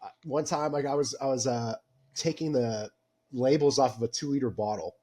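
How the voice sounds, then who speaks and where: Husky man rambling through a story. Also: medium pitch, moderate pace, warm tone. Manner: rambling, filler-heavy. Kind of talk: casual chat.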